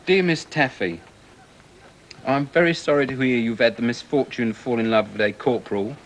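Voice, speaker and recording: An actor playing a cocky, mocking young soldier. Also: male voice, mid-range voice, a little hiss or hum, lightly acted, low-quality recording. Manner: sneering, mocking, quick-tongued. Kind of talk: 1980s television drama acting.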